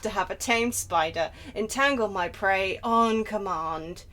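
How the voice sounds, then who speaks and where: Fields: A woman voicing a gloomy vampire scholar, reading his journal aloud in a flat, half-hearted way. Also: medium pitch, a little slow, voice pushed down, close to an everyday voice. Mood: brooding.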